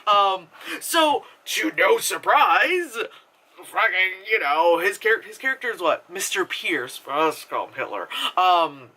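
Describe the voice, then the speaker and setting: A man's voice: sits high, big pitch swings, a little slow, sharp tone. A man giving a casual, rambling movie review, full of fillers and swearing. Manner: rambling, filler-heavy, profane.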